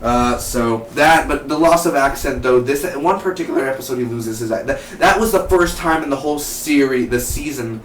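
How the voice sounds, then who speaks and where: A man's voice: medium pitch, normal speed, few pauses, a bit bright. A man casually reviewing a TV episode, rambling and enthusiastic, with lots of fillers and "dude" and "man". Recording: roomy echo from far off the mic, light hiss.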